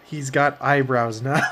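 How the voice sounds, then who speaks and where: A man chatting casually during an art stream, with a dry, deadpan sense of humor. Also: medium pitch. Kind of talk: casual chat while drawing on stream.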